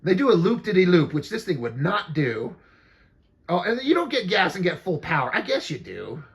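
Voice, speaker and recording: A man's voice: sits high, very animated, normal speed, vocal fry. A man hosting a casual movie commentary, narrating the scenes in a loose, profane play-by-play and laughing often. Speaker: podcast host.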